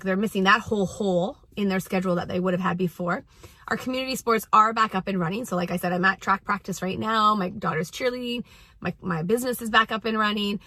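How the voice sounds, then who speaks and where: A woman in her forties talks through parenting advice in a casual, earnest way, stressing key points and often restarting her sentences. Her voice is bright and forward, and the sound is dry and close with almost no room. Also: medium pitch, no room sound. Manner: earnest, emphatic, with frequent restarts. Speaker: parenting coach and mom. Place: outdoors at a track practice.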